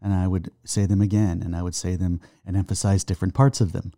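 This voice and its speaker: Earnest man with a dark, low voice. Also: level tone, no echo, studio quality. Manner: earnest, halting with restarts, recites scripture slowly. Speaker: guest, son of the host. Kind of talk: personal faith testimony in conversation.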